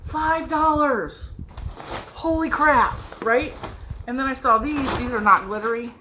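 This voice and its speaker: A middle-aged woman with a nasal, stuffed-up voice excitedly showing off her yarn haul in a casual video, gushing and laughing often. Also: sits high, a little slow, noisy background. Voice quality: nasal from a cold. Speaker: yarn and crochet vlogger. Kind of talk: excited casual show-and-tell.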